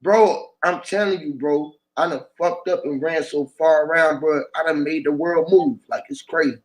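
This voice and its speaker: At a moderate pace and with a fairly high voice, a host spits loose freestyle wordplay and then chats casually, swearing often. He's indoors and sitting down.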